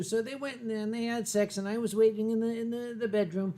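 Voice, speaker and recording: A man's voice: extremely high pitch, moderate pace, hardly any pauses. Rambling, swearing host man. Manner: rambling, swearing, many fillers and restarts. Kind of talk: casual drunken chat.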